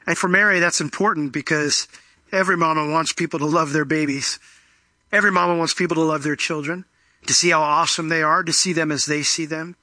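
Male pastor, high and very bright voice, chatty sermon delivery with acted-out asides, dry close sound. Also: dry recording. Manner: conversational, acts out little quoted exchanges.

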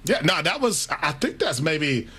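A man co-hosting a sports talk radio show, talking in an animated way. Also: a little high, measured pace, husky. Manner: animated, laughs easily.

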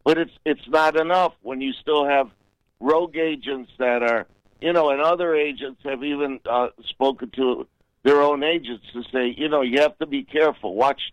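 A man's voice: mid-range voice, moderate pace, no room sound, highs cut off. A man calling in to a radio talk show, earnest and indignant, pressing his point insistently. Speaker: caller.

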